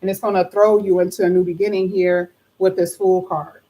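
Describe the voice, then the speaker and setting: A woman giving a tarot card reading to her viewers, chatty and animated, her voice a little hoarse. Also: on the low side, a little fast, poor audio. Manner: animated, excited exclamations, chatty asides to viewers. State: slightly hoarse. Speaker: tarot reader.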